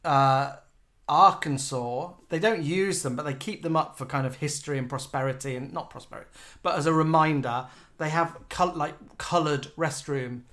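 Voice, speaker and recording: A chatty man in his forties with a slightly higher voice for his sex, co-hosting a relaxed live show. He tells self-mocking stories and reads out viewers' comments as he goes. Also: normal speed. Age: 40s. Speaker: co-host of a live online show. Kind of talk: casual chat reading out viewer comments.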